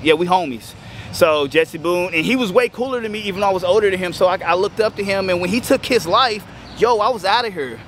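30s guy getting emotional telling his story, kinda high voice, cars going by outside. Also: fairly bright tone. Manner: halting, choked up, breaks off with restarts. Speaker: skateboarder sharing his recovery story. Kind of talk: emotional personal testimony. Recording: outdoor street noise with passing cars.

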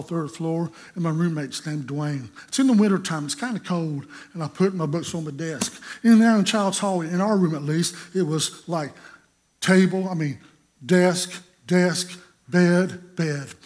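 A middle-aged man, preaching a sermon in a folksy storytelling way, acting out scenes with sudden loud bursts. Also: on the high side. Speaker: pastor.

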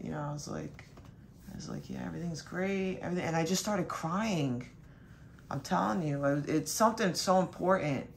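A young woman, a spiritual reader, telling a rambling casual story full of fillers and mild cursing. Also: fairly bright tone. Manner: quotes her dad in a higher voice.

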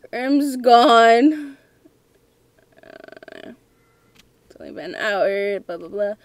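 A woman's voice: a little high, expressive, drawn-out words, long pauses, no room sound. A young woman playing a scary game at home, talking nervously and giggling to herself. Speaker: gamer. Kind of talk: let's play commentary.

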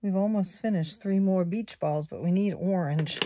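A woman in her sixties, a savings vlogger, chatting softly and unhurriedly to her viewers as she works through savings challenges at home. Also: lowish voice, no room sound, clean studio sound. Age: 60s. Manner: soft-spoken, unhurried, talks to viewers as guys. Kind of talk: slow casual commentary while doing savings challenges. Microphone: phone or camera close on a table.

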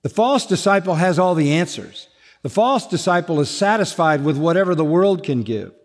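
A man's voice: on the high side, lively intonation, normal speed. A man preaches from the pulpit in a slightly raised voice. His delivery is emphatic, and he drives points home with repeated refrains. The sound carries the long reverb of a large hall. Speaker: pastor. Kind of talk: sermon.

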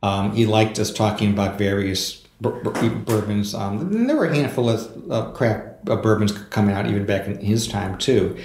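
A man's voice: lowish voice, moderate pace, hardly any pauses, noisy background. A man, a book author, telling anecdotes in a casual podcast interview, with fillers and chuckles. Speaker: author guest. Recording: echoey room.

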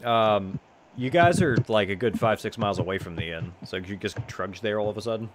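A man's voice: on the low side, brisk, slight background noise. A man narrating as dungeon master of a tabletop game, talking with many ums and restarts. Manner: hesitant, full of ums and restarts.

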